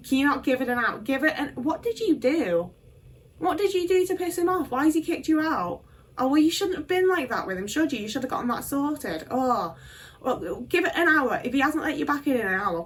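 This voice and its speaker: A woman's voice: high-pitched, animated, brisk, recorded from a distance, pitched above the performer's own voice. Woman putting on her grudging, nagging mum. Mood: irritated. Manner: put-upon, nagging, dismissive. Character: irritable grudging middle-aged mother.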